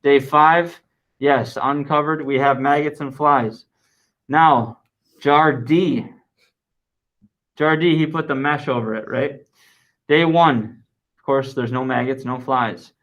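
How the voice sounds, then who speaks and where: A man teaching a classroom science lesson, lively and talking with students, dictating answers slowly and repeating them. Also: medium pitch, poor audio.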